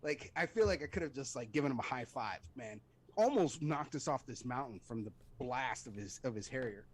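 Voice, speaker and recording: Animated man telling war stories. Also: mid-range voice, brisk, breathy edge. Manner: animated, acts out voices and sounds in his stories. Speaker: guest, Army veteran. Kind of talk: casual storytelling in a podcast interview.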